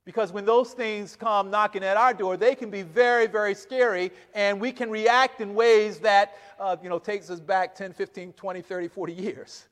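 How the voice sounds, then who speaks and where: A man with a high, bright voice preaching a sermon, reading scripture and acting out its lines with animated asides and laughs. Long reverb from the hall trails each phrase. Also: moderate pace.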